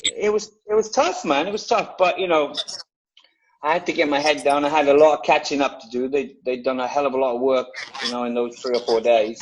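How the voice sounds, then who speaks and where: Swearing, animated male storyteller. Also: mid-range voice, lo-fi sound, slight background noise. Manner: swears freely, animated anecdote with laughs. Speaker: actor guest. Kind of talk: casual storytelling.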